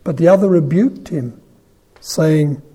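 An older priest with a husky voice preaching an informal, humorous sermon, acting out the quoted lines with rising emphasis. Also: male voice, a little high, slow, warm tone.

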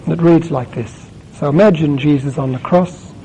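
A man preaching a sermon, asking the listeners question after question and swelling louder on key words. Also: fairly high pitch, moderate pace, slight background noise, poor audio.

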